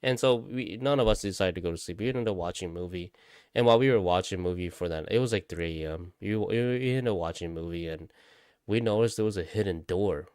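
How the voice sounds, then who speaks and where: Smooth low-voiced man telling a spooky story. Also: fast talker, a little mellow, no echo, studio quality. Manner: rambling, swears often, repeats himself. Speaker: vlogger.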